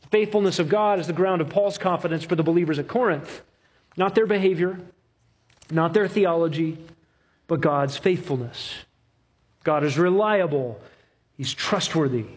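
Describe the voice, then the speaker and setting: A male preacher with a fairly high, husky voice delivers an expository sermon. He builds rhythmic, repeated phrases and slows right down to stress the key lines. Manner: emphatic, rhythmic repetition with slow stressed phrases.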